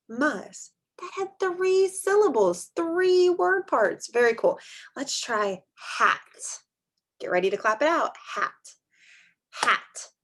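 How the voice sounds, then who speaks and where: A young adult woman teaching a small group of young children in a slow, sing-song manner with drawn-out words. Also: high-pitched. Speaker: preschool teacher.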